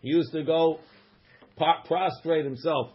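A man's voice: on the high side, steady tone, a little slow, husky, muffled recording. A man teaching a Gemara class, reading the text aloud and translating it with joking asides. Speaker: Talmud teacher.

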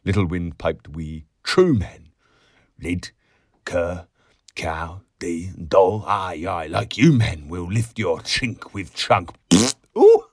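A man's voice: sits low, slow pace, dry recording, studio quality. A man reading a novel aloud, lyrical and theatrical, dropping to whispers and rising to bursts. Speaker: audiobook reader.

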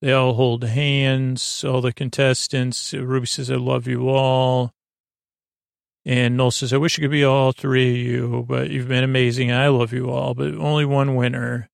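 A man's voice: medium pitch, level tone, a little slow, gravelly, dry recording, studio quality. A man hosting a sleep podcast, recapping a show in a casual, rambling way with many hesitant fillers.

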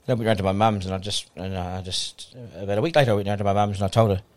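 A man with a New Zealand accent, speaking in a fairly low voice at a brisk, rapid clip. He tells his story in an animated way and plays out the quoted exchanges with people in it. This is a relaxed podcast interview. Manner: animated anecdotal storytelling, acting out quoted dialogue. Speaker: guest broadcaster.

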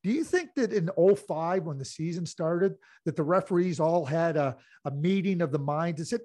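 A middle-aged man with a high, lively, fairly quick voice and a darkish tone talks on a sports talk podcast. A hockey analyst and former team executive, he spins long, rambling stories loaded with filler phrases, especially "you know."

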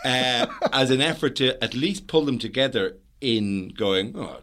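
A man's voice: medium pitch, unhurried, a little hiss or hum. A man, a stand-up comedian chatting casually and acting out stories from the stage. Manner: animated storyteller, acts out quotes and punches. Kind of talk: casual anecdotal chat.

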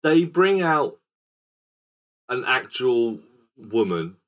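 A man's voice: medium pitch, very animated, drawn-out words. A man hosting a casual film podcast, rambling and quizzical as he recaps a scene. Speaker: podcast host. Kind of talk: casual film-review chat.

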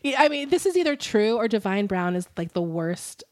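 A woman's voice: mid-range voice, very animated, brisk. A woman co-hosting a podcast, telling a story in casual chat with many fillers and frequent laughter. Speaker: podcast co-host.

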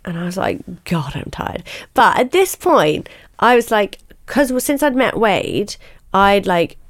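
A young woman telling her own story frankly in a podcast interview, chatty and animated, filling her talk with "like" and the odd swear word. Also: medium pitch, a little slow, no room sound, studio quality. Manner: chatty, animated, peppers speech with "like", swears casually. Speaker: podcast host, guest being interviewed. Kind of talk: candid storytelling.

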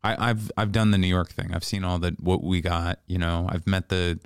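A man's voice: sits low, level tone, moderate pace, clean tone, no echo, clean studio sound. A man, a comedian guest, chatting in a laid-back, rambling way. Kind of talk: casual chat.

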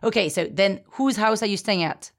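A woman voicing her older mother, who is proud, bossy and quick to take offence. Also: medium pitch, close to an everyday voice. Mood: questioning.

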